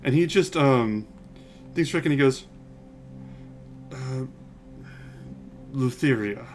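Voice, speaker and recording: A man narrating as game master of a tabletop game, halting with many fillers and restarts, with music faintly behind. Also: medium pitch.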